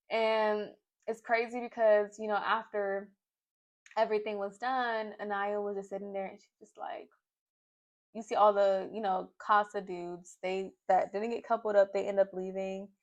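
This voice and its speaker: A young woman, from Tennessee, casually recapping a reality show in an animated, storytelling way. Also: medium pitch. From Nashville, Tennessee. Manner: animated storytelling, acting out the cast's quotes.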